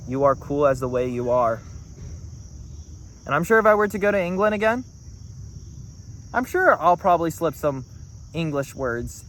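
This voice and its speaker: A man's voice: medium pitch, a little hiss or hum. A man talking to the camera in a rambling, earnest monologue. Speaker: vlogger.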